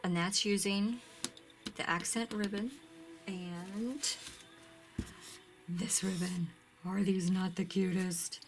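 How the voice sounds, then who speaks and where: A woman's voice: mid-range voice, steady tone, slow pace, pauses often, soft background music. A woman casually showing off ribbons from her craft shop, chatty and gushing, often dropping to a near-whisper. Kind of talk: casual product show-and-tell.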